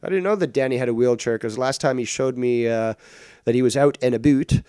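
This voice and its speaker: Brief: male streamer, mid-pitched, combative and sneering, very dry close-miked sound. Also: fairly quick, mellow, clean tone, no room sound. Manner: mocking, combative, swears a lot. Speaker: streamer reacting to clips. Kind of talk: profane ranting commentary.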